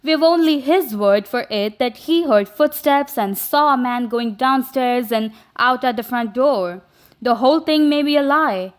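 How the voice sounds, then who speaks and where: A woman narrating an audiobook in a measured, deliberate way. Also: high voice.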